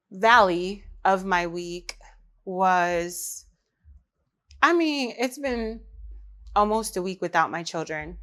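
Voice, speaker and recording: A woman, a mother, hosting her own podcast in casual chat, talking lively and straight to the women listening. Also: medium pitch, smooth. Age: adult mother. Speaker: podcast host.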